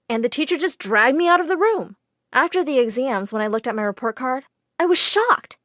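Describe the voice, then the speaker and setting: A woman narrating a first-person storytime in an expressive, dramatic way. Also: high-pitched, no echo, studio quality.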